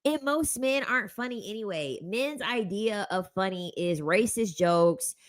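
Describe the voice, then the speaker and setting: A woman talks through a casual commentary chat with a blunt, sassy edge. She repeats her points for emphasis and keeps the talk animated. Her voice sits at an ordinary middle pitch, and the sound is dry and close. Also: unhurried, no room sound. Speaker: commentary host reading chat.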